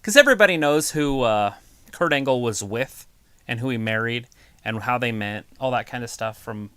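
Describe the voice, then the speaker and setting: A man's voice: mid-range voice, moderate pace, bright, forceful tone, clear, resonant tone, no room sound. A man co-hosting a live wrestling stream, rambling in a laid-back, jokey way between bits of match commentary.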